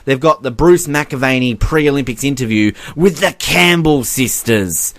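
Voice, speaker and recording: A man's voice: mid-range voice, a little slow, noisy background. An Australian man co-hosting a sports podcast, ranting in casual chat with bursts of laughter. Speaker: podcast co-host.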